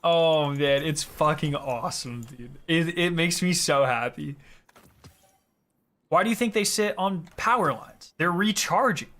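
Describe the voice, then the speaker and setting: A man's voice: fairly high pitch, animated, measured pace, a bit bright. A young man streaming a game, chatting casually with his viewers, joking and swearing as he laughs often. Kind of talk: casual live-stream chat.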